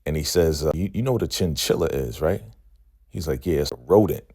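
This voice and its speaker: A man's voice: a bass voice, a little fast, husky. A man casually recapping a TV episode, retelling scenes and acting out the characters' lines, often checking in with "right?". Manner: relaxed storytelling, acts out characters' lines, frequent "right?". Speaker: recap show host.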